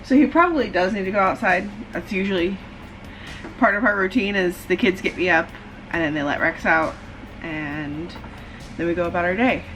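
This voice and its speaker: A woman's voice: lowish voice, normal speed, fairly bright tone, soft background music, poor audio. Tired, chatty woman vlogging at home. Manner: chatty, rambling, with many fillers. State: tired, husky morning voice. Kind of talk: casual vlog chat. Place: dim home room at a desk, early morning.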